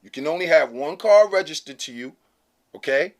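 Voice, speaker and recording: Speaking at a normal speed in an animated, slightly high voice, this man hosts his own channel and chats casually to camera. He's emphatic, slangy and blunt, constantly checking in with "okay?".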